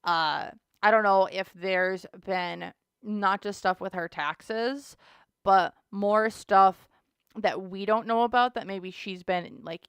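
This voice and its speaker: A woman's voice: mid-range voice, clear, resonant tone, no room sound. A woman hosting a casual tarot reading, chatty and dramatic, thinking aloud as she goes. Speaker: tarot reader host.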